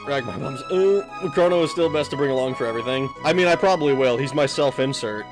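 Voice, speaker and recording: A man's voice: mid-range voice, fast, music in the background. A man streaming a video game who talks casually, swears often and laughs a lot. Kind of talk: let's play commentary.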